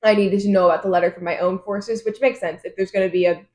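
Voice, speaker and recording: A woman's voice: medium pitch, fairly even intonation, darkish tone, echoey room. A woman co-hosting a podcast, casually recapping a novel's chapters with lots of laughter, slang and swearing. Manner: giggly, swearing, retelling scenes in quick voices. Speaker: podcast co-host. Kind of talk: casual book chat recap.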